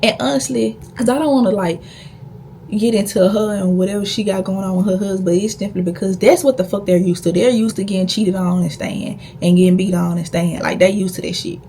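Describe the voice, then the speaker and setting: A woman's voice: mid-range voice, steady tone, fairly quick, warm tone, a little hiss or hum. A young woman vlogger telling a personal story in a blunt, profane, emphatic way. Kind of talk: casual storytime.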